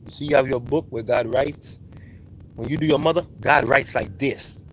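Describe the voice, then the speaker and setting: A man, talking in a casual monologue, preachy and emphatic, dropping into low asides. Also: normal speed, slight background noise, poor audio. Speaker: vlogger giving advice.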